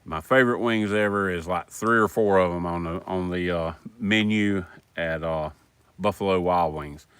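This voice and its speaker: A middle-aged man from South Carolina with a thick Southern drawl and a very deep voice. He rambles in a folksy, homespun way while chatting to his live-stream viewers outdoors by a fire at night, with dogs around him. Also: a bit bright, clear, resonant tone, dry recording. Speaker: livestream host. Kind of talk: casual live stream chat.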